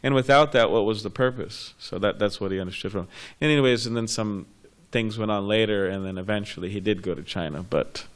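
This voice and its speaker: A man's voice: lowish voice, brisk, hardly any pauses. A man in a class, telling a story casually and rambling with fillers and restarts. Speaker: class participant.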